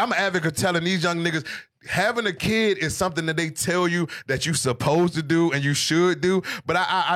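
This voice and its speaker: A man, a comedian, telling stories in casual podcast chat, animated and profane. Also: fairly high pitch. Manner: animated, profane, storytelling rants.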